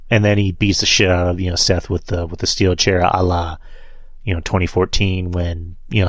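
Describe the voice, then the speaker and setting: A man's voice: deep voice, no echo. A man hosting a wrestling podcast, reviewing matches in a loose, rambling way and swearing freely. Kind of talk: casual solo show review.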